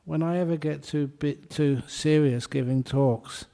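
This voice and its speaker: A man giving a Buddhist dharma talk, explaining with gentle humour and telling a story to make his point. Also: on the high side, fairly even intonation, a little slow, gravelly. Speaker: Buddhist teacher.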